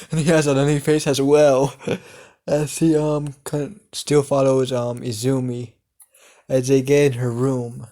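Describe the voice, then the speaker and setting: A man's voice: mid-range voice, little pitch movement, slow, warm tone. A man improvising a fan story aloud, hesitant with many fillers and laughing at his own plot.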